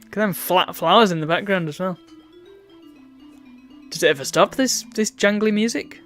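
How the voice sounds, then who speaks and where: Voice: medium pitch, normal speed, a bit bright, soft background music. A streamer, chatting wryly and reading game text aloud while playing a retro game. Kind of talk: let's play commentary.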